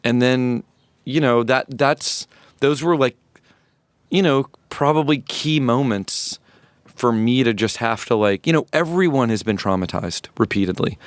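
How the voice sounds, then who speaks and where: A man in his fifties from rural North Florida, a musician guest telling a personal story in an interview, reflective and halting with many restarts. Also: medium pitch, no echo. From rural North Florida, USA.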